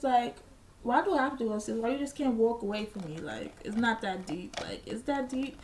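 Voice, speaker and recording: A woman's voice: fairly high pitch, brisk, a little mellow, a little hiss or hum. A young woman vlogger telling a casual storytime, blunt and profane, proudly petty and unbothered. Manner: boastfully petty.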